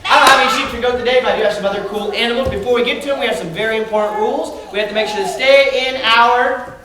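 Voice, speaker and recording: A man presenting a live animal show to children, talking with them in lively call-and-response. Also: very high-pitched, rapid-fire. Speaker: animal educator. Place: large library room with a child audience. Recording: echoey hall, distant mic, crowd noise.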